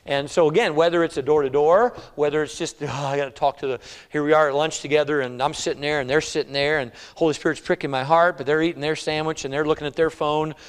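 A pastor delivers a sermon in a conversational, storytelling way, his voice sitting a little high for a man. He acts out the doubts of his listeners in quick voiced asides. The sound carries a long reverb from a church sanctuary. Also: fairly even intonation, clean tone. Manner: conversational preaching with acted-out quotes.

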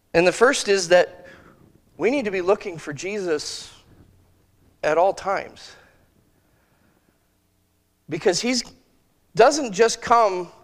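A man preaching a sermon in a conversational way, thinking aloud with restarts and slowing to give quoted scripture weight. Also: sits high, in a large hall. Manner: slow, emphatic phrasing of quoted scripture.

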